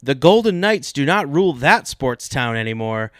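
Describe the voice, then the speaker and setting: A man co-hosts a sports podcast with dry, deadpan comedy, laying out absurd ideas as if they were serious. The sound is dry and close, with no room around it. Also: mid-range voice, moderate pace, no echo. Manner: deadpan, mock-serious delivery. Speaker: podcast co-host.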